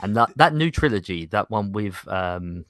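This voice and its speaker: A man's voice: on the low side, moderate pace, no room sound, clean studio sound. A man on a video call, chatting eagerly on a geek news panel. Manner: excitable, enthusiastic, restarts often. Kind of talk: casual chat.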